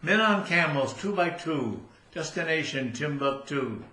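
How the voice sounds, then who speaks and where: A man's voice: a little high, lively intonation, measured pace, voice pushed up. A man voicing an earnest young college poet reciting in a declamatory way, in a roomy room. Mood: solemn. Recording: roomy hall with faint noise.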